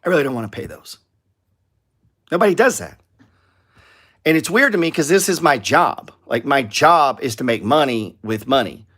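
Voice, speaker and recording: A man's voice: mid-range voice, a bit bright. A middle-aged man hosting a live trading show, talking over stock charts in a blunt, profane, lecturing way.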